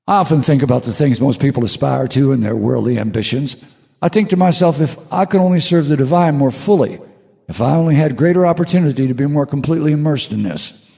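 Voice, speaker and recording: Older male host, musing and unhurried, stumbles into restarts; warm, dark tone in a reverberant space. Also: medium pitch, creaky. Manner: slow, musing, with halting restarts. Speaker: radio show host. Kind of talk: reflective spiritual monologue.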